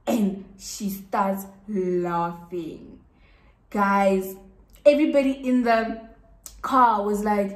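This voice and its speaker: A woman's voice: medium pitch, slow pace. A South African woman telling a casual storytime to her viewers, chatty and repeating words for emphasis. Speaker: YouTuber. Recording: echoey room.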